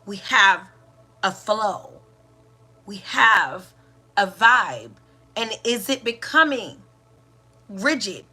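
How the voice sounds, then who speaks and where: A woman, a doula and mother, hosting a reflective spiritual monologue, asking many rhetorical questions with pauses and restarts. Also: medium pitch, animated, pushed and bright, slightly rough. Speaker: podcast host and doula.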